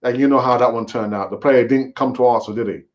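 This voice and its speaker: A man hosting a casual live football fan stream, talking in an animated, repetitive, rambling way. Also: mid-range voice, quick pace, dull audio. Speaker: football fan channel host.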